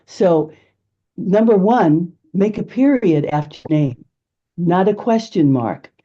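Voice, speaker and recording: A woman giving a lively, emphatic networking pitch as a presentation skills coach, laughing often. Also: slow pace, dull audio.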